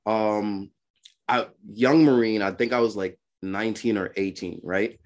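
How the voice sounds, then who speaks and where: A man's voice: fairly low pitch, a little slow. Laid-back young man telling stories. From Brooklyn. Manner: animated, laughing, acts out voices in quotes. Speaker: podcast co-host. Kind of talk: casual storytelling chat.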